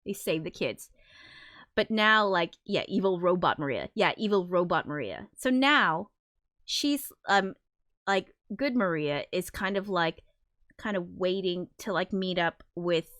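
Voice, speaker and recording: A woman's voice: fairly low pitch, lively intonation, a little slow, fairly bright tone, no echo, clean studio sound. A woman hosting a casual livestream, chatting in a rambling, giggly way with many fillers. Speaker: livestream host, musician.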